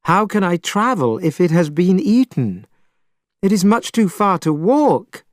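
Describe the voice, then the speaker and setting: A man's voice: a little high, expressive, normal speed, no room sound, studio quality, voice pushed up, natural voice. A man voicing a young, fearful male priest in a storybook, whining and tearful.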